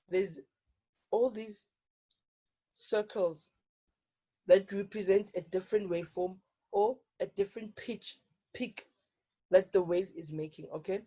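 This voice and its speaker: A woman's voice: mid-range voice, warm tone. A woman teaching a physical science lesson, often checking in with her students by asking "okay?". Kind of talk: online lesson explaining problems. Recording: dull lo-fi online lesson audio.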